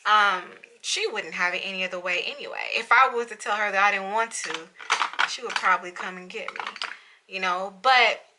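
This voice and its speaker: A woman's voice: medium pitch, normal speed, heavy background noise. A young woman vlogging candidly to camera at home, emotional and fighting back tears, with lots of "you know"s. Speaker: beauty vlogger. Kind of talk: casual confessional vlog. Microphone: camera in front of her.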